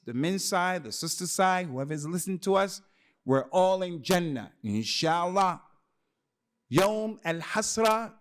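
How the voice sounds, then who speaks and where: A man giving an Islamic lecture to a congregation in a mosque hall, speaking emphatically, repeating phrases for stress and mixing in Arabic terms. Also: a little high. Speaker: preacher. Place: mosque hall with men's and women's sides.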